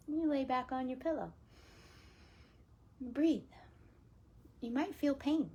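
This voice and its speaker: A woman teaching laughter yoga in a casual, gentle coaching way, often dropping into whispers and playful laughs. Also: high voice, expressive, slow, long pauses, a little hiss or hum. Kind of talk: casual spoken guidance.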